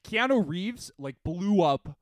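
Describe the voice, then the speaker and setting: Man, animated podcast co-host, bouncy lively pitch, slightly high voice, dry sound. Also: slow pace, no echo. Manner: animated, agreeable, excitable storytelling. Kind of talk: casual chat.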